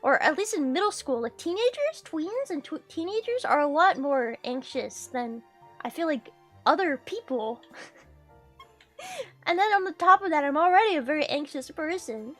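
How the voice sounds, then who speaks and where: A woman's voice: high voice, lively intonation, normal speed, faint music behind. A woman streaming a game, chatting casually, swearing freely and laughing often. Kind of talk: casual gaming stream chat.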